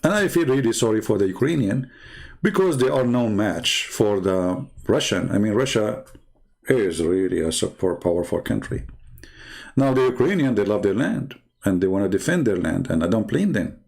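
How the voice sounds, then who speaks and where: A man's voice: lowish voice, big pitch swings, moderate pace, gravelly, a little mellow, breathy edge. A man hosting his channel, giving casual political commentary in a sarcastic, mocking tone and laughing often. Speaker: channel host.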